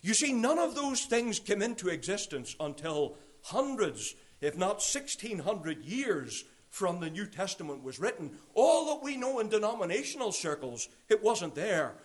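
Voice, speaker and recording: A man preaching a sermon to a church gathering, stressing key phrases slowly and dropping into quiet asides. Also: high voice, sing-song.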